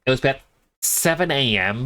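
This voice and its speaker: A man streaming a game, sniffling a little and telling rambling stories with quick laughs into a desk mic. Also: medium pitch, expressive, pushed and bright. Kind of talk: casual chat while gaming.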